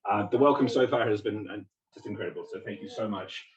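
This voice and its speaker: A man's voice: lowish voice, fast, highs cut off. Man with an English-tinged accent, roomy hall. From New Zealand. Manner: chatty, self-deprecating, hesitant. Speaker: guest speaker, physics lecturer. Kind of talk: public talk to a community gathering. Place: meeting house. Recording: roomy hall, distant mic.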